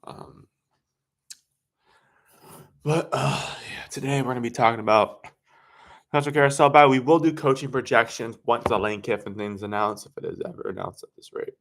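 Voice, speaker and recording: A man hosting a casual sports livestream, talking in a rambling, halting way and correcting himself often. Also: mid-range voice, fairly bright tone. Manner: rambling, halting, self-correcting with many fillers. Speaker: sports stream host.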